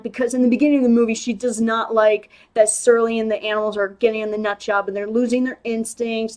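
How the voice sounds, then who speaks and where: A young woman giving a casual spoken movie review, chatty and animated, with lots of "like"s and restarts. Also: fairly high pitch.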